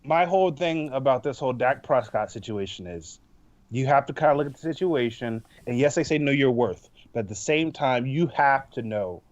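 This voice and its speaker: A man co-hosting a casual sports podcast, animated and full of "bro," acting out other people as he makes his point. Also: medium pitch, normal speed, no echo, dull audio. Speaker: podcast co-host.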